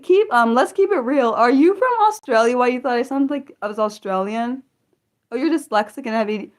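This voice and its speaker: A young woman hosting an unscripted livestream, chatting excitedly with viewers and answering chat, with lots of fillers and restarts. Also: on the high side, moderate pace. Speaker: livestream host.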